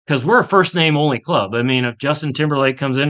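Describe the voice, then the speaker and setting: A man's voice: medium pitch, fast, pushed and bright. A man from Pittsburgh, a golf instructor, chatting as a podcast guest, enthusiastic and rambling, laughing often as he tells stories. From Pittsburgh, USA. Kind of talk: casual interview chat.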